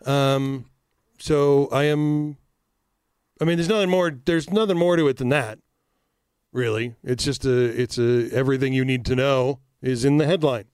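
A man co-hosting a podcast in casual chat, speaking emphatically with profanity and fast excited bursts. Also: medium pitch, smooth, no room sound, clean studio sound. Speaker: podcast co-host.

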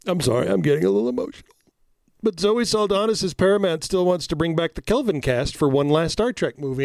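A man co-hosting a podcast in casual chat, speaking emphatically with profanity and fast excited bursts. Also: high-pitched, gravelly, no echo, studio quality. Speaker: podcast co-host.

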